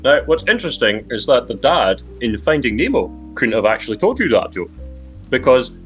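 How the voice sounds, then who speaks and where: A man with a Geordie accent hosting a comic podcast, joking around with lively, excitable banter. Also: mid-range voice, moderate pace, faint music behind. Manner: lively, jokey, swings into big excited exclamations. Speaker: podcast host.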